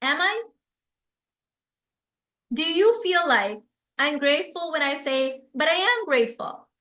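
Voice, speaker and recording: A woman hosting a live stream, reading viewer comments aloud and answering them in an effusive, animated way. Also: high voice, normal speed, roomy sound. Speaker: livestream host and business coach.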